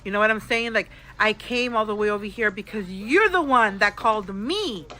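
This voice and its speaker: A woman's voice: medium pitch, lively intonation, normal speed, pushed and bright, low-quality recording. A slightly tipsy woman telling a storytime vlog alone in a hotel room, frank and chatty, talking to viewers as girl and y'all, recorded on a phone camera. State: a little tipsy. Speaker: vlogger.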